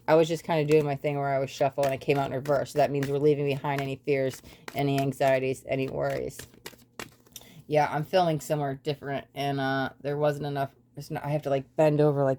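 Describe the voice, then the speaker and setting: A woman's voice: a bass voice, a little mellow, a little hiss or hum. A woman giving a casual spoken tarot reading, rambling through repeated lists and breaking off for apologetic asides. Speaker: tarot reader.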